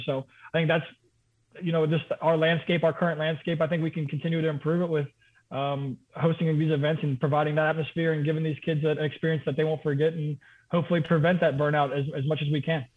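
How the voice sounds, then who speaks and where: A man joining a podcast as a guest, chatting in an easygoing, enthusiastic way. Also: fairly high pitch. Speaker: podcast guest, brand manager. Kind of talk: casual podcast chat. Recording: tinny phone-like line.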